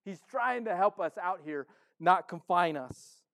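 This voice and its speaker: Lively high-voiced male pastor preaching. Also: measured pace, gravelly. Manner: conversational, playful, acts out the congregation's inner voice; wide swings from loud emphasis to soft low asides. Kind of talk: sermon.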